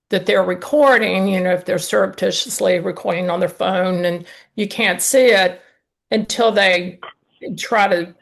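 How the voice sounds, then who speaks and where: A woman with a gravelly, creaky voice. She thinks aloud on a panel, hesitant and folksy, with many fillers. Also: medium pitch. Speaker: mediator. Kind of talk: panel discussion.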